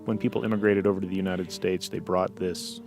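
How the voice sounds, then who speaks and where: A man with a lowish voice tells folklore in an easy, rambling way on a podcast, filling pauses with you-knows. Faint guitar music runs underneath. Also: little pitch movement. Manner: easygoing storyteller, many you-knows and fillers. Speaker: podcast co-host. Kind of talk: casual paranormal podcast chat.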